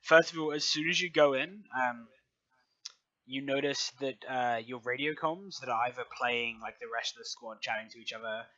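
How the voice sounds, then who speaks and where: A man's voice: medium pitch, normal speed, bright, forceful tone, no room sound, muffled recording. A man narrating as game master of a tabletop game, rambling with many ums and likes.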